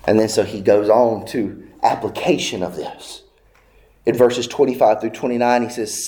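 A man preaching a sermon, emphatic and repetitive, rising and falling in loudness as he drives each point home. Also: normal speed. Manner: emphatic, repeating phrases, swinging widely in pitch and loudness.

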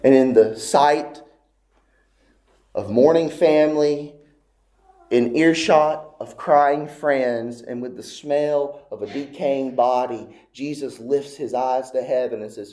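A man delivers a sermon at a slow, deliberate pace, drawing out each phrase. His voice sits in a middle pitch. He drops to hushed, near-whispered tones for emphasis. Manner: slow, dramatic preaching with long pauses and hushed moments. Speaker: pastor.

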